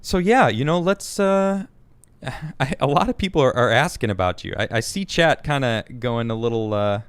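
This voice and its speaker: Male stream host, casual, lively, keeps tripping over his words, smooth voice, dry close recording. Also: medium pitch, normal speed, no room sound. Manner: animated, stumbling over words. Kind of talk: casual livestream chat.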